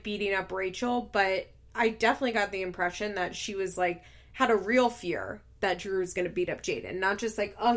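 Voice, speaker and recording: Gossipy woman recapping reality TV. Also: medium pitch. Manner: gossipy and expressive, swears freely, laughs between remarks. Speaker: podcast host.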